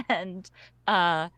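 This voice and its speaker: A woman playing a tabletop game, eager and quick to laugh. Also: on the low side, fairly bright tone, dry recording. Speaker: player. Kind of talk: tabletop game play chat.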